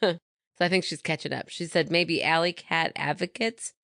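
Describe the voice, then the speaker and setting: A woman's voice: lowish voice, fairly even intonation, moderate pace, fairly bright tone, no echo, clean studio sound. A woman co-hosting a podcast in casual chat, rambling and giggling as she reads out thanks and plugs. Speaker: podcast co-host.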